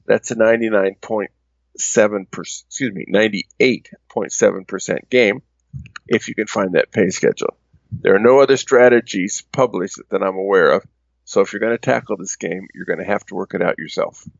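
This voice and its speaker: A low, gravelly man reads a scripted segment in a measured, explanatory tone. The sound is dull and lo-fi, though close and dry. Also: no echo. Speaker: segment presenter. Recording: dull lo-fi recording.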